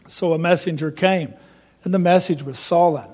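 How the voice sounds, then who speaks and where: A man's voice: fairly high pitch, moderate pace, a little mellow. A man reciting a rhymed Bible story expressively, asking listeners direct questions.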